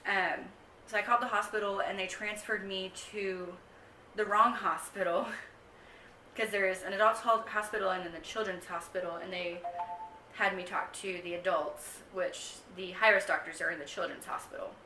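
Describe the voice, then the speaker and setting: A woman's voice: mid-range voice, steady tone, normal speed, pushed and bright, recorded from a distance, a little hiss or hum. A young woman vlogging a casual pregnancy update to camera, chatty and rambling with lots of ums. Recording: echoey room, mic set back.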